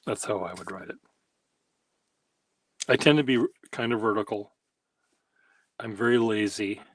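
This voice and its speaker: Slow, husky-voiced man musing aloud. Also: lowish voice. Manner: wry, self-deprecating, musing aloud. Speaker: pen workshop host. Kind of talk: casual rambling demonstration.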